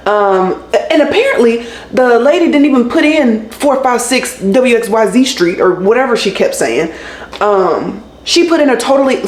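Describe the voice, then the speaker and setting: Exasperated woman ranting. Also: fairly high pitch. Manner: animated, exasperated, sarcastic. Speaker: labor and delivery nurse. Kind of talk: casual storytime rant to camera. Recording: roomy room echo with faint ambient noise.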